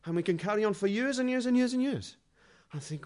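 A man preaching a chatty sermon with quiet asides and loud bursts. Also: high-pitched, lively intonation, quick pace. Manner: conversational and humorous, swings from quiet asides to loud dramatic readings.

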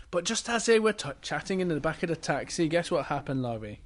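A father spins a made-up bedtime story in a playful way, pausing to quiz his child. His voice swings widely in pitch. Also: sing-song. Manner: playful, asks the child questions.

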